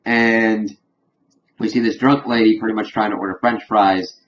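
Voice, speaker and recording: A man with a somewhat low voice recaps a TV episode in a loose, rambling way. He fills his retelling with casual fillers and loses his thread now and then. The recording sounds dull and lo-fi, with the top end rolled off. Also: steady tone, moderate pace, fairly bright tone, a little hiss or hum. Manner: rambling, filler-heavy storytelling. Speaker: TV episode reviewer.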